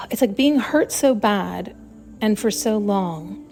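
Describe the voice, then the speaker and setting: A woman's voice: mid-range voice, lively intonation, slow, a little mellow, faint music behind. Searching, emphatic woman podcaster. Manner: searching, emphatic, acts out quoted voices. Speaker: podcast host. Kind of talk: solo spiritual podcast monologue.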